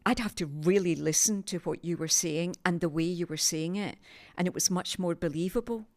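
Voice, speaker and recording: Animated older Scottish woman. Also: fairly low pitch, normal speed. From Scotland, Glasgow. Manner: animated, emphatic storyteller. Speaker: guest, TV sales presenter. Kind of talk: conversational storytelling.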